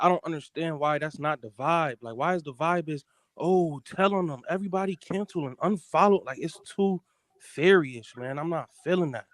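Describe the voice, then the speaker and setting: A man's voice: medium pitch, dry recording. A man calling in to a live show, talking heatedly and asking "you feel me". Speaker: caller. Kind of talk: heated call-in chat.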